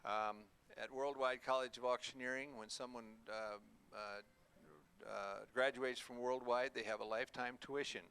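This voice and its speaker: A man who runs an auction school, addressing an audience at a hotel event in a folksy, halting way with many fillers. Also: medium pitch, steady tone, fairly bright tone, smooth. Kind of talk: speech to an audience.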